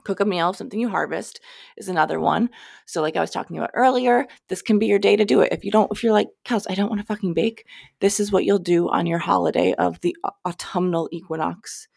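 A woman's voice: fairly low pitch, steady tone, fast talker, creaky, a little mellow, no room sound, studio quality. A young woman hosting a podcast, giving casual spiritual advice in a candid, chatty way, sometimes swearing and cutting herself off. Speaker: podcast host.

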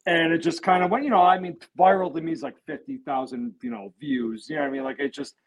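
Man, casual podcast guest, rambling and profane, slightly high voice. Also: fairly even intonation, fast talker, low-quality recording. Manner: swears freely, rambling storyteller.

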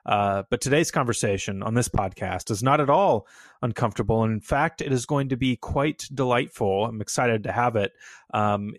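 A man hosting a casual music podcast, talking in a relaxed way with lots of fillers. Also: medium pitch, dry recording. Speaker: podcast host.

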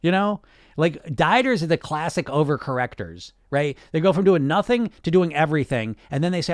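A man's voice: on the high side, expressive, fairly quick, no echo, studio quality. A man hosting a casual podcast monologue as a weight loss coach, blunt and sarcastic, and he swears freely.

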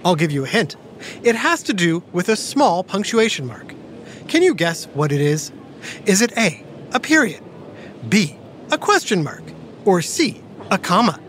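A woman hosting a playful kids' educational podcast, talking like an animated storyteller. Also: medium pitch, unhurried, pauses often, a little hiss or hum. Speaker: host.

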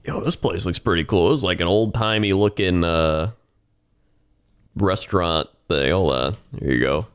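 Laid-back low-voiced man. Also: moderate pace, smooth. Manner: laid-back, agreeable, laughs often. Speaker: podcast co-host. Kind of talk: casual chat.

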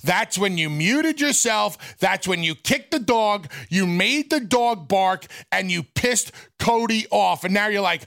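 A man's voice: high-pitched, animated, creaky, a bit bright. A man co-hosting a talk radio show, accusing and needling his partner in heated banter. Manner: accusing, needling, drawn-out delivery.

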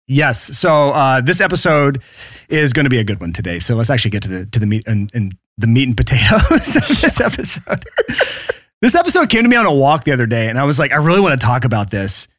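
A man hosting a podcast in a casual, upbeat way, with a slightly raspy voice and frequent laughs. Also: medium pitch, huge pitch swings, fast, fairly bright tone, no room sound, clean studio sound. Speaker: podcast host.

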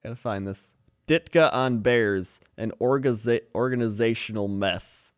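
A man's voice: mid-range voice, normal speed, no room sound, clean studio sound. A man co-hosting a casual chat, laughing often and slipping into mock voices. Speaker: podcast co-host.

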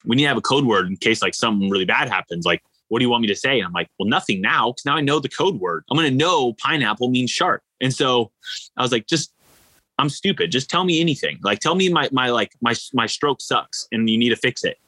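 A man, an endurance athlete, telling stories in a casual interview, animated and rambling with lots of fillers. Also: mid-range voice, fast talker, no echo, poor audio. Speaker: ultra-endurance athlete guest.

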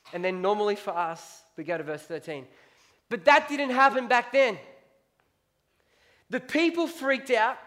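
A man's voice: sits high, a bit bright. A man preaching a sermon, emphatic, reading scripture aloud and repeating key lines.

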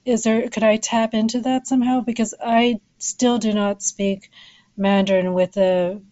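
A woman from Canada, asking relaxed, chatty interview questions. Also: a little high, unhurried, highs cut off.

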